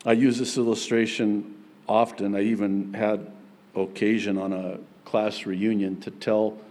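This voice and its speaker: A man preaching a sermon as pastor, earnest, moving between soft passages and emphatic ones. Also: lowish voice, little pitch movement, a little slow.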